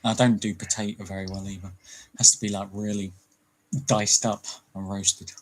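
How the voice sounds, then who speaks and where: A man's voice: on the low side, level tone, normal speed, a little hiss or hum, poor audio. A British man chatting casually on a livestream, joking and laughing often. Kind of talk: casual chat.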